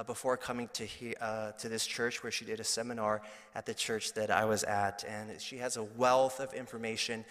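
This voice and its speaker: A man's voice: mid-range voice, fairly bright tone. Man introducing a speaker in a reverberant church. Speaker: pastor. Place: church sanctuary.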